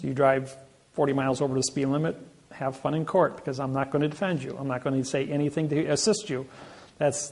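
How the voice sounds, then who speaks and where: Man, slightly high, gravelly voice; boastful storyteller, emphatic, stumbles and restarts often. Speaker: speaker answering an audience.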